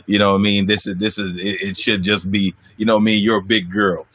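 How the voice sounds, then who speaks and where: Low-voiced reflective male host. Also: little pitch movement, quick pace, a bit bright, husky, no room sound. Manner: reflective, repeats words while thinking. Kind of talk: casual church talk show chat.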